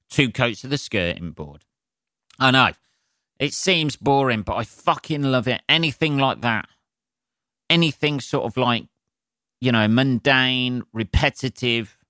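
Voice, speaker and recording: A man's voice: medium pitch, animated, measured pace, pushed and bright, no echo, clean studio sound. A man hosting a solo podcast, ranting with heavy swearing and self-mocking asides. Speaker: podcast host.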